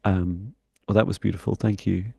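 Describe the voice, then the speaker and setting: A man co-hosting a live stream, talking in a relaxed, chatty way with small laughs. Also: low voice, moderate pace, gravelly, breathy edge, no echo, studio quality. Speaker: psychic mentor and co-host. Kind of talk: live-stream casual chat.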